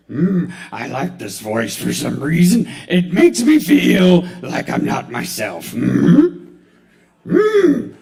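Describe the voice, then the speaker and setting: A man at a live open mic putting on the voice of a wise, tiny old alien master who speaks in slow, inverted sentences. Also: high voice, sing-song, dark tone, voice pushed down, heavily acted. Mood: musing. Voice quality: gravelly, croaking.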